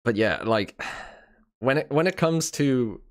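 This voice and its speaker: A man's voice: mid-range voice, lively intonation, takes it slowly. A man from England who speaks with an American-sounding accent, giving his views in a rambling way on a live stream. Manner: rambling, many fillers and restarts. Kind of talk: casual live-stream chat.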